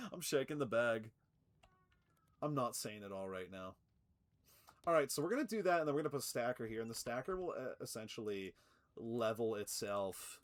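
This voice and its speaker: A man streaming a factory game live, excitable and swearing, laughing often and cooing at his cat. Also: medium pitch, moderate pace. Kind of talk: live gameplay commentary.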